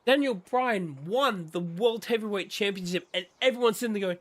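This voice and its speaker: During casual gaming stream talk, a man with a high-pitched voice rants about wrestling with real passion. He speaks at normal speed and eagerly mimics others' responses.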